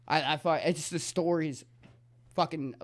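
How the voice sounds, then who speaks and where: A man, a comedian, chatting as a guest on a podcast in a studio, telling stories in an animated, slangy, profane way. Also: fairly high pitch, unhurried. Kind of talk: casual podcast chat.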